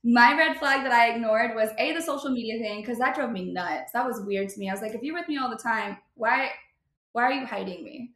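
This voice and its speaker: A woman's voice: fairly high pitch, brisk, fairly bright tone. A young woman in casual chat, talking in a blunt, profane and emphatic way. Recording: echoey room.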